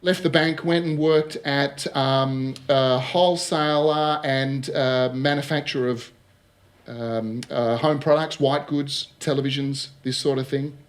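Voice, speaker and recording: A man's voice: medium pitch, measured pace. A middle-aged man giving a casual talk on recruitment, telling anecdotes, acting out the dialogue and often checking in with his listeners. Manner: lively storyteller who acts out dialogue and keeps checking with "all right?". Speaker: speaker on recruitment.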